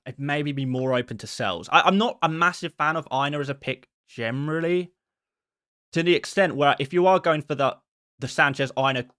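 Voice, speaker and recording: Male streamer host, middle pitch, friendly and quick, dry close-mic sound. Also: a bit bright, no echo. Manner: friendly, quick, reads out viewer messages and answers them. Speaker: host answering viewer questions. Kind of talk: casual live stream chat.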